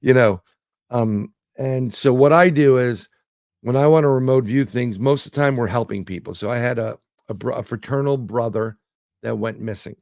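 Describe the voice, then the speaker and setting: A man's voice: medium pitch, moderate pace, darkish tone, dry recording, clean studio sound. A man, a guest telling rambling anecdotes in casual conversation, full of fillers and restarts. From New York City. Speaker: guest, remote viewer. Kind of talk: casual interview storytelling.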